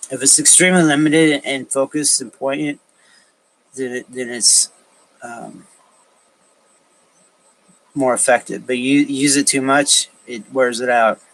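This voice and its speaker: A man talking alone on a livestream, thinking aloud in a halting way with frequent restarts and fillers. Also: medium pitch, rough recording. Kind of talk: rambling solo livestream talk.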